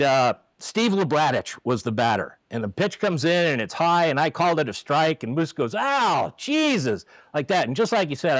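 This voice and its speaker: A former umpire telling lively stories in a casual chat, acting out shouted quotes. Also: male voice, on the high side, no room sound, poor audio. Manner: lively, acts out quotes with raised voice.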